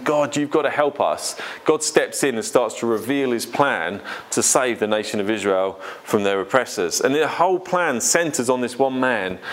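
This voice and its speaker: A man preaching to his congregation in a relaxed, conversational way. He talks earnestly and keeps asking his listeners questions. His pitch sits in an ordinary middle range for a man. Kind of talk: sermon.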